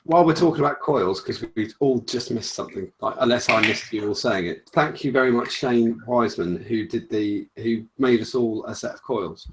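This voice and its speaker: A man's voice: medium pitch, normal speed, few pauses, low-quality recording. Man, podcast host, casual, reads questions aloud, faint hiss. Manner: loose, reading out listener questions.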